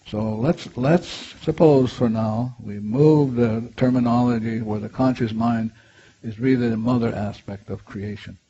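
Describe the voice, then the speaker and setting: Male meditation guide, slow and gentle, mellow tone, muffled recording with light hiss. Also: mid-range voice, slightly rough. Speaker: healer guiding a meditation. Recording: dull lo-fi clip with faint hiss.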